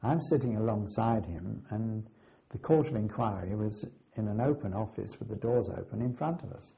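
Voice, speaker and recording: An older man earnestly recounting his wartime flight training, with dramatic pauses. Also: on the low side, expressive, gravelly. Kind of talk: oral history recollection. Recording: slightly dull lo-fi recording.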